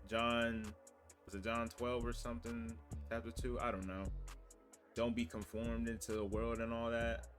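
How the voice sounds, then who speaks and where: A man's voice: medium pitch, level tone, normal speed, fairly bright tone, faint music behind. A young American man in a casual opinion monologue, earnest and full of rhetorical questions and "you know what I'm saying" asides. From United States. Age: young adult. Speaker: vlogger.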